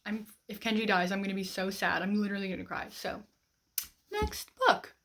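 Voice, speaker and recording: A woman's voice: medium pitch, level tone, fairly bright tone. A young woman vlogging to camera about her reading plans, bubbly and gushing, with a run-on, chatty way of talking. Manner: bubbly, gushing, fast-running sentences with many "like"s. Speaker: book vlogger. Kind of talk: casual chat to camera.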